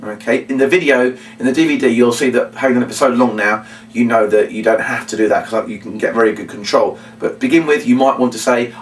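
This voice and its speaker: Teaching a kids' party routine, a man briskly walks through the steps in a medium-pitched voice, breaking into acted demonstrations with big shouts aimed at the children. The mic catches him from a distance.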